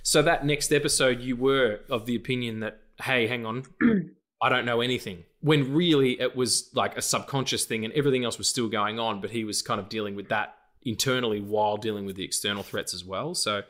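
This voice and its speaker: A man co-hosting a film podcast, chatting casually in a rambling, profane way, breaking into animated rants and silly noises. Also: mid-range voice, brisk. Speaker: podcast co-host.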